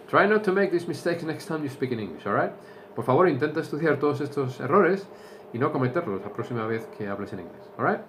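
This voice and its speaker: A man teaching English to Spanish speakers, explaining slowly and repeating each point in Spanish. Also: medium pitch, a little hiss or hum. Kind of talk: bilingual language lesson.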